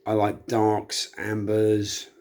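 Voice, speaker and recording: A man's voice: lowish voice, completely flat delivery, extremely slow, a little mellow. A middle-aged man, tipsy, rambling chattily and self-deprecatingly in a casual monologue. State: tipsy from drinking. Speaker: vlogger.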